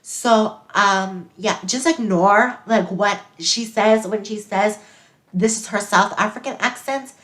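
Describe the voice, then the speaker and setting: A woman's voice: mid-range voice, takes it slowly, fairly bright tone. A woman hosting a casual video, chatty and upbeat as she introduces her guest. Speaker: host.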